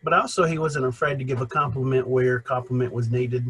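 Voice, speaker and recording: Husky young male minister, rambling. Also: medium pitch, steady tone, brisk, fairly bright tone, rough recording. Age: young adult. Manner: rambling, many restarts, chuckles. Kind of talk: conversational Bible lesson.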